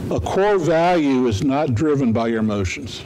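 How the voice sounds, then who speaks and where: A pastor giving a conversational sermon, often checking in with listeners by asking "right?" and acting out quoted pleas in short bursts. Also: male voice, medium pitch, animated, normal speed, a little mellow, slight background noise, poor audio. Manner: conversational, asks the audience rhetorical questions with "right?"; acts out pleading voices in quotes.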